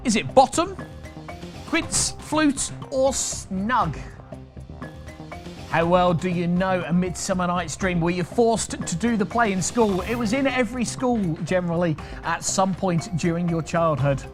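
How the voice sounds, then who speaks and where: Chatty British quiz master over faint music. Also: male voice, high-pitched, expressive, unhurried. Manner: chatty, jokey patter while reading out questions and answer options. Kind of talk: live online quiz hosting.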